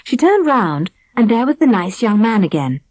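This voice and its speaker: Expressive woman reading a storybook. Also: a little high, moderate pace, no room sound, poor audio. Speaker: audiobook narrator. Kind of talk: scripted storybook narration.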